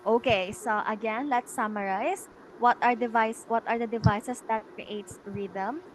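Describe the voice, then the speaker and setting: A woman's voice: a little high, measured pace, a little hiss or hum, low-quality recording. Young woman explaining a class lesson. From Philippines. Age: young adult. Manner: explains step by step, repeats points, stresses words she reads. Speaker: student presenter. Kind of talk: classroom lecture.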